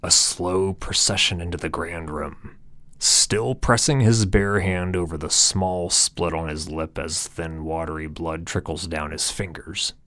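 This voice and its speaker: Deep-voiced man, grandiose narration. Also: measured pace, bright, forceful tone, no echo, clean studio sound. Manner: grandiose, theatrical delivery. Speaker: audiobook narrator and author. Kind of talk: mock-heroic comedic narration.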